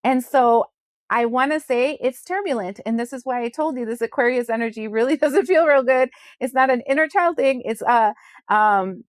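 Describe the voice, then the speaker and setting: A woman's voice: a little high, a little fast, no room sound, studio quality. A woman hosting an astrology channel, giving a frank, chatty daily forecast with mild swearing. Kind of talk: casual spoken astrology forecast.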